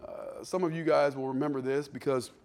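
A man preaching a sermon as pastor to a church congregation, lively, dropping to soft asides and playing out voices. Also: mid-range voice, fairly quick.

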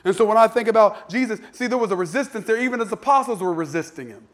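A man's voice: high voice, lively intonation, fast. A male preacher giving a sermon in a conversational style, with slang and frequent stammered restarts.

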